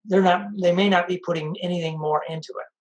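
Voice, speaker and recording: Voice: mid-range voice, steady tone, fast, highs cut off. Conversational sobriety coach giving advice. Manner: conversational, repeats key advice. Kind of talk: casual spoken advice talk.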